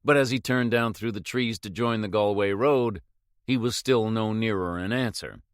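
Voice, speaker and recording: A man reading a thriller novel aloud as an audiobook narrator in a measured, steady way. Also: on the low side, dry recording, studio quality.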